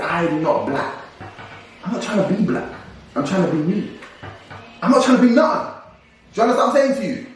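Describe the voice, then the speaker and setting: A young man co-hosts a casual talk show, ranting with energy and breaking into laughs. His voice sits on the higher side and swings widely in pitch. He is recorded from a distance in a very echoey room. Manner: animated, ranting, laughs often. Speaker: co-host. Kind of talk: casual discussion podcast. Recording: echoey room, voice away from mic.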